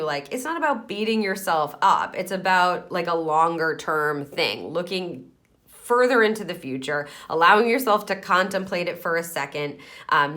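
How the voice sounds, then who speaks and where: A woman's voice: fairly low pitch, fairly bright tone. A woman giving an encouraging pick-a-card tarot reading, chatting loosely and thinking aloud with fillers.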